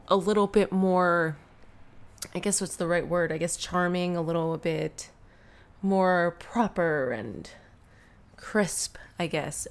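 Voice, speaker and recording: A woman co-hosting a fan podcast, chatting in a playful, musing way and searching for words. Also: fairly low pitch. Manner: playful, musing, hesitant with fillers. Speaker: podcast co-host. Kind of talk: casual fan podcast chat.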